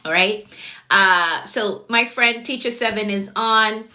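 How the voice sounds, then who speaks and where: A bright, clear-toned woman with a Jamaican accent hosts a live stream as a productivity coach. She talks in a loose, chatty way, circles back to the same points and stops to answer viewers' comments. Her pitch sits in the middle range for a woman. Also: takes it slowly. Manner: chatty, repeats herself, answers comments as they come.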